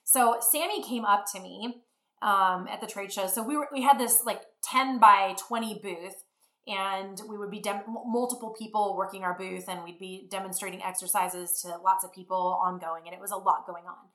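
Middle-aged woman rambling through a story, bright voice, echoey room. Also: mid-range voice, normal speed. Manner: rambling, animated, acts out quotes. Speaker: fitness business founder. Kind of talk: casual storytelling.

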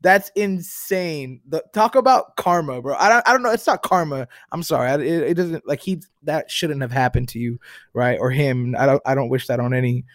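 A man's voice: fairly high pitch, normal speed, dry recording. A young man co-hosting a casual podcast chat, rambling and hedging in slangy talk. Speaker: podcast co-host.

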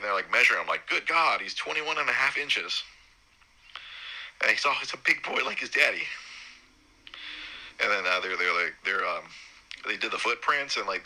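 Choked-up man with a bright, forceful voice. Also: low-quality recording. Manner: halting, many restarts, jumps high when quoting himself. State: choked up, holding back tears. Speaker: new father recounting his son's birth. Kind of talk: casual emotional storytelling.

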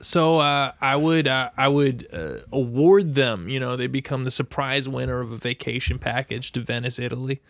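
A young man co-hosts a casual podcast chat and tells his tale with animated energy. He swears freely and argues back when the others poke holes in it. His voice sits at a middle pitch and sounds dry and close. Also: moderate pace, hardly any pauses, no echo. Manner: animated storyteller, swears often, defensive when challenged. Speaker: podcast co-host.

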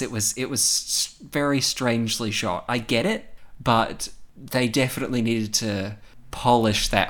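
A man recapping a horror film in casual chat, animated and profane, laughing often. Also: medium pitch. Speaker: podcast co-host.

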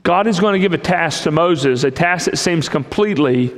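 A man preaching a sermon in an emphatic way, with long pauses between phrases. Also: a little high, expressive. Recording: long hall reverb.

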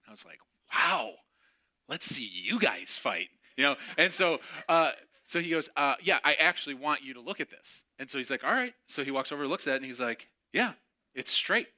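A man's voice: medium pitch, lively intonation, normal speed, sharp tone. A middle-aged man preaching a sermon as a casual, self-mocking story, acting out the other people's lines and laughing at his own jokes. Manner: chatty, self-mocking, acts out dialogue with laughs. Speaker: pastor.

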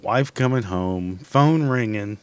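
A man's voice: on the low side, slow, clean tone, dry recording. A man hosting his own podcast from home, ranting in a casual, blunt and rambling way with constant swearing. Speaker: podcast host. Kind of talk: casual solo podcast rant.

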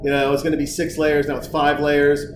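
Co-host, man from Montana: lively profane storyteller, somewhat high voice, recorded in an echoey room with noise behind. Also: brisk. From Montana, USA. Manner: animated, profane storyteller, acts out quotes. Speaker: podcast co-host. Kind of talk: casual chat.

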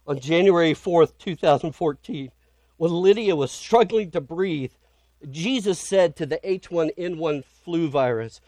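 A male pastor delivering a sermon, his voice sitting a touch higher than most men's. He tells his story earnestly and builds dramatic emphasis. The sound is dry and close, with no room around it. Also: unhurried, darkish tone, no room sound.

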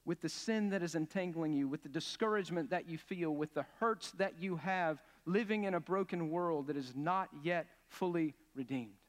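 A man's voice: on the high side, normal speed, hardly any pauses. A male pastor preaching a sermon in an earnest, emphatic way, asking his listeners questions as he builds each point. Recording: long hall reverb.

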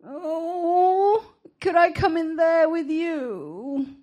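A woman's voice: very high voice, drawn-out words, dull audio, pitched above the performer's own voice, heavily acted. A woman reading aloud and voicing a big black male dog who whines, pleads and feels sorry for himself. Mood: pleading. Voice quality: whiny, pleading.

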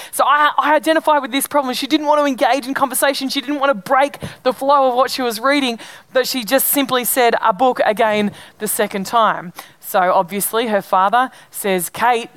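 A middle-aged woman preaches and tells a family story in a relaxed, conversational way. Her voice sits a little higher than most. The sound is dry and close, with no room echo. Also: clean tone. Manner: chatty storytelling with fillers and restarts. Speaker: pastor. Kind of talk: sermon.

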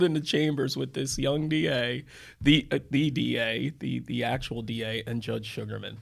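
A man's voice: mid-range voice, flat delivery, fairly quick, vocal fry. A man, a defense attorney co-hosting a podcast, telling stories in a rambling way with many restarts and asides. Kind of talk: casual storytelling podcast talk.

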